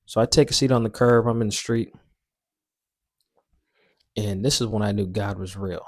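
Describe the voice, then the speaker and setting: A young man with a fairly low voice tells a story in a loose, slangy way. He jumps around with animated bursts and pokes fun at himself as he goes. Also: moderate pace, no echo, clean studio sound. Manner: animated, slangy, self-mocking. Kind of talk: casual story time.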